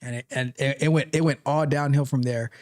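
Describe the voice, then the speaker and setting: A man hosting a live tech stream, talking casually with animated, repetitive joking asides. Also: medium pitch, a little fast, slight background noise. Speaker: livestream tech show host.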